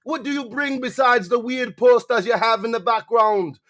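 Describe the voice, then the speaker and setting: A man's voice: very high voice, fairly bright tone. A man putting on an exaggerated Jamaican accent to lecture and tease a co-host. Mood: scolding. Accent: put-on Jamaican. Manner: lecturing, teasing, drawn-out phrases. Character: mock Jamaican-accented male trash-talker.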